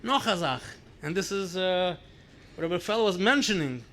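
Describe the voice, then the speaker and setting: A middle-aged man, a rabbi, telling family stories in a lively anecdotal way, repeating words for emphasis. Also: high-pitched, normal speed, slight background noise. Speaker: rabbi sharing memories at a gathering. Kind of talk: storytelling speech.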